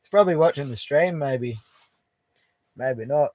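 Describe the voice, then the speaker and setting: A young Australian livestreamer talks from his bush camp at medium pitch and a measured pace, his voice a little mellow. He's out prospecting and chats in a laid-back way, reading viewer comments and laughing freely.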